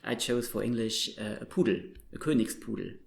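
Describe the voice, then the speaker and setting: A male linguistics researcher explaining his ideas thoughtfully in an interview, pausing with frequent fillers. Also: medium pitch, creaky. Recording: roomy echo.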